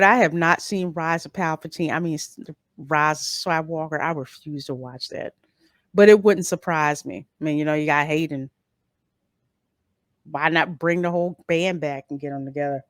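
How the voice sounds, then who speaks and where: In a dry studio recording, a woman with a low-sitting voice talks at a moderate pace. She's a YouTube host running a live-stream review and reading chat, casual but blunt and opinionated, with emphatic repetitions.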